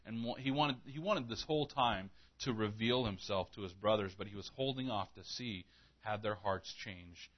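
Male pastor, low voice, earnest conversational preaching, slightly dull lo-fi recording. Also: moderate pace. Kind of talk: sermon.

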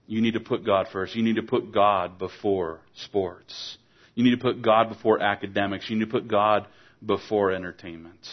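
A man preaching a sermon, earnest and exhorting, asking his listeners pointed rhetorical questions. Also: low voice. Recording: dull lo-fi recording.

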